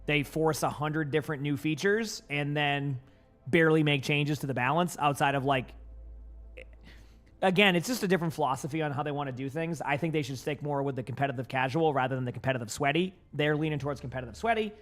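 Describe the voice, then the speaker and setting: Rambling streamer with a light Boston accent. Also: male voice, on the high side, fast, a bit bright, faint music behind. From Boston area. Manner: rambling, filler-heavy, many restarts. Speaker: gaming streamer. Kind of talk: casual chat with stream chat.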